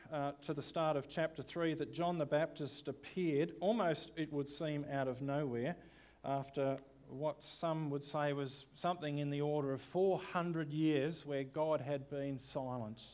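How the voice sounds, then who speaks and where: A man's voice: a little high, steady tone, measured pace, darkish tone. A man, a pastor giving a sermon in a conversational way with rhetorical questions.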